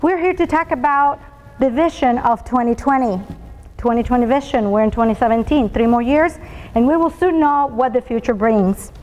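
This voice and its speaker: Woman, high voice, Venezuelan Spanish accent, ums often, speaking in a hall with long reverb. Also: normal speed, a little mellow. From Colombia and Venezuela. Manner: frequent ums and uhs, storytelling. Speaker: speaker at a school talk event. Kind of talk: prepared motivational talk.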